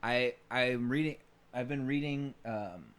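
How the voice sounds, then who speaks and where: A man's voice: mid-range voice, a little slow, fairly bright tone, clear, resonant tone. A man co-hosting a podcast in casual chat, joking and laughing often, with many fillers. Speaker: podcast co-host.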